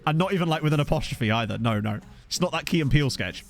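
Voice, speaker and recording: Young man, streamer, casual game commentary, joking about chat names, lively up-and-down pitch, faint music underneath. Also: fast talker, gravelly. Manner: jokey, riffing on viewers' names.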